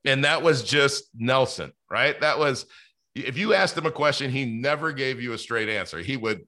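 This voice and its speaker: A man's voice: medium pitch, lively intonation, moderate pace, bright, forceful tone. A man hosting a podcast interview, chatting casually with lots of fillers and restarts. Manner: rambling, many fillers and restarts. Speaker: podcast host.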